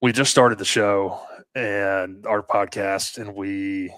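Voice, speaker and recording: A man with a lowish voice tells a long story in a loose podcast chat. He rambles along with fillers and restarts and swears casually. The recording is dry and close. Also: fairly even intonation, slow, a bit bright, dry recording. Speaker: podcast co-host and landscaping business owner.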